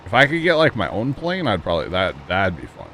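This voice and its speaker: A man's voice: sits low, huge pitch swings, fast talker, a bit bright, a little hiss or hum. A man casually chatting with his viewers while playing a farming game, rambling and laughing at himself. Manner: rambling, talks to chat, chuckles at himself. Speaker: livestream gamer.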